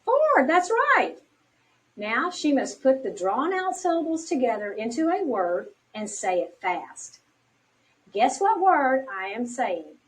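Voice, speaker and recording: Woman narrator, bright animated delivery, encouraging and clear, recorded a bit off-mic. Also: high voice. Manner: slow, clearly paced, encouraging teacher talk. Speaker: instructional video narrator. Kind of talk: scripted instructional narration. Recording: distant from the mic.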